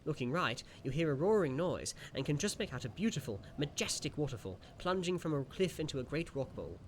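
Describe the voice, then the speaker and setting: Man reading a gamebook aloud, animated. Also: on the high side, brisk, a little hiss or hum. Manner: animated, musing asides between narration. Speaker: streamer.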